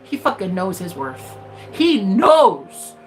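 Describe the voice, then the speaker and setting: A woman's voice: mid-range voice, sing-song, slow, slight background noise. A woman, a spiritual reader, giving an emphatic, profane motivational rant straight to her viewers.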